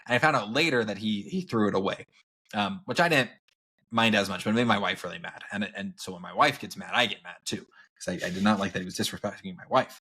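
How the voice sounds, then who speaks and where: A man in his thirties co-hosting a podcast, telling stories in an animated way and laughing often. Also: lowish voice, a little fast, breathy edge. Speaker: podcast co-host. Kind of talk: casual chat.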